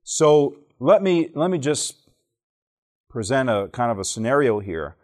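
A man stands before a church audience and teaches with a playful storyteller's touch, often stopping to quiz the listeners. His voice sits at an ordinary middle pitch points to a childhood in Alabama. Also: very animated, unhurried, darkish tone. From Alabama, southern United States. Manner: joking storyteller who quizzes the audience. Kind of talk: teaching talk to a live audience.

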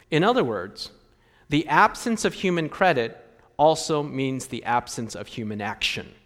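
A man's voice: on the high side, fairly bright tone, long reverb tail. A man preaching a sermon in a church, asking the congregation rhetorical questions in a conversational way. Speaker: pastor.

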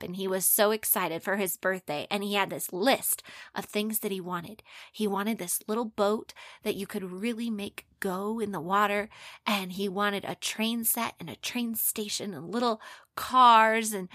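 Expressive woman telling a children's story. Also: medium pitch, no room sound, studio quality. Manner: expressive, with hushed asides.

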